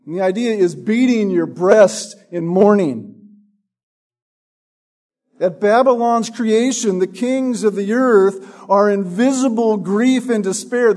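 A man preaching a sermon, teaching from a Bible passage with a slow, emphatic, drawn-out delivery. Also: sits high, a little mellow.

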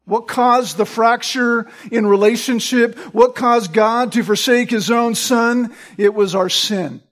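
A man's voice: very high voice, slow, fairly bright tone. A man preaching a sermon. He quotes scripture by chapter and verse and stresses key phrases by repeating them.

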